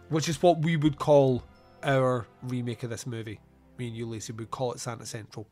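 A man hosting a podcast, retelling a film scene by scene in a casual, animated way with quick put-on voices and frequent laughter. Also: medium pitch, faint music behind. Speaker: podcast host. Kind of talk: casual film review chat.

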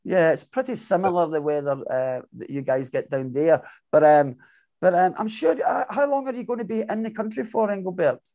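A man's voice: high-pitched, fairly quick, mellow. A man hosting an interview, asking friendly, joking questions. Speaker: interviewer host. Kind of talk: casual interview chat.

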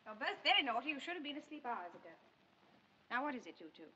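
A woman's voice: high voice, very animated, fast talker, sharp tone, full character voice. An actress playing a prim, firm middle-class mother in a 1940s film scene, scolding her children in clipped tones. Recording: dull 1940s film soundtrack.

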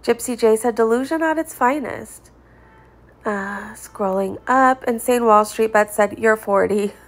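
A woman with a somewhat high voice reads social media comments aloud in a casual, chatty way. She pauses between comments for quick dry remarks and soft chuckles. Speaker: commentary vlogger reading comments.

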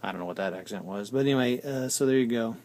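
A man's voice: mid-range voice, quick pace, darkish tone. A man hosting a casual hobby vlog, chatty and self-deprecating, often trailing off mid-sentence as he talks at his painting desk. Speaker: hobby channel host.

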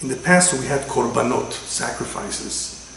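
A man, a rabbi, giving a religious lecture with animated storytelling and sudden loud quoted lines. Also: mid-range voice, measured pace, gravelly, a little hiss or hum. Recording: echoey room with faint ambience.

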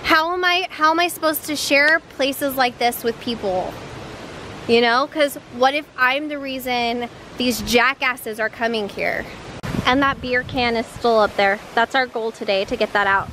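A woman vlogging on a hike beside a creek, chatty and playful, and quick to get worked up. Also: a little high, sharp tone. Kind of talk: casual outdoor vlog chat. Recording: noisy outdoor recording.

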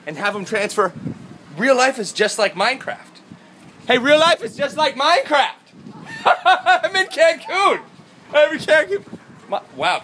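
Brief: man, goofy rambling travel vlogger, tired, handheld camera, faint background hum. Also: a little high. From Florida, USA. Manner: goofy, rambling, jumps between loud bursts and mumbling. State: tired, out of breath. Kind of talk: hyper casual travel vlog. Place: hotel rooms, halls and balcony.

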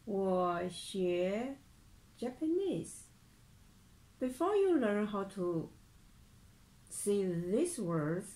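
Very slow-speaking woman language teacher. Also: mid-range voice, a little mellow, poor audio. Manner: slow, deliberate, repeats each phrase. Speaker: Mandarin teacher.

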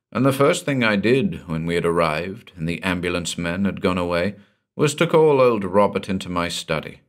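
Deep-voiced man reading a horror tale. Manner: measured, unhurried first-person storytelling. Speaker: narrator. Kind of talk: audiobook reading of a horror story.

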